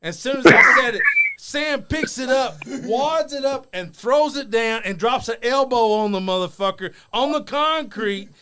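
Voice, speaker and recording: A man's voice: very high voice, lively intonation, measured pace. A man, a former wrestler, laughing and swearing as he tells backstage stories in casual chat. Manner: laughing, profane storyteller. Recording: loud crowd noise behind.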